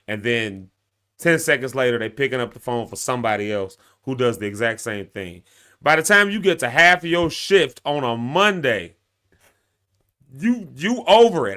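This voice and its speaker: Hosting a live stream, this thirtysomething man speaks at a moderate pace in a slightly high voice. He chats casually and animatedly with his viewers, laughing a lot and addressing them directly.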